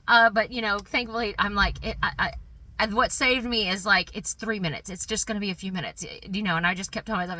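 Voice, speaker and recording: A woman's voice: medium pitch, fairly quick, bright, forceful tone. A middle-aged woman telling a personal story in a chatty way, with lots of fillers and giggles. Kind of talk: personal anecdote.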